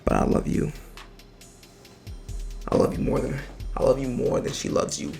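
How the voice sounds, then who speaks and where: A man voicing a cocky, loyal young male tennis player, speaking in a crude, mumbled, low-key way. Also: lively intonation, moderate pace, vocal fry, a bit bright, soft background music. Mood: pleading.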